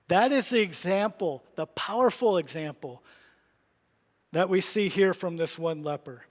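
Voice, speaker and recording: A man's voice: high voice, unhurried. A middle-aged man preaching a sermon in a church sanctuary, earnest and pleading, with many rhetorical questions. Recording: long church reverb.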